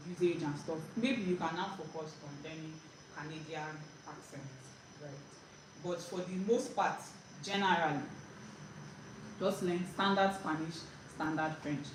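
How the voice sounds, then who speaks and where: Chatty woman teaching, roomy and distant. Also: lowish voice. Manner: chatty, frequent "like" and "right?" with many restarts. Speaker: language teacher. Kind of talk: casual spoken lesson. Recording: roomy echo, distant mic, faint background noise.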